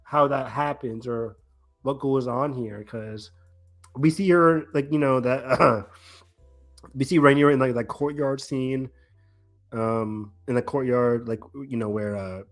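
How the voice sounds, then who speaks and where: A man co-hosting a casual podcast recap, talking in a rambling, animated way with many restarts and quoted reactions. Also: mid-range voice, a little slow, faint music behind. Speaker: podcast co-host.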